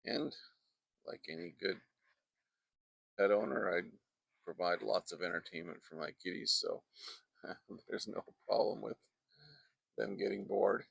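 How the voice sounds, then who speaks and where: Man, painting instructor, low gravelly voice, chatty and digressive, close dry mic outdoors. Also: a little slow, pauses often, a bit bright, no room sound. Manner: chatty, wandering off into asides. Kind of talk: casual painting demonstration. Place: outdoors in a backyard. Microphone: close microphone.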